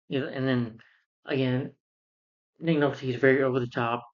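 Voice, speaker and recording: A man's voice: mid-range voice, fairly even intonation, a little fast. Rambling man recapping a film, lo-fi. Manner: rambling, retells scenes and acts out characters. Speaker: film reviewer. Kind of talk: casual film review rant.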